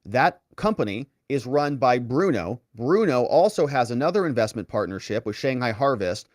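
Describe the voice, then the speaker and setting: A man's voice: medium pitch, big pitch swings, normal speed, no room sound, clean studio sound. A man hosting online political commentary, walking through documents with sarcastic, incredulous asides. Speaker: legal commentary host.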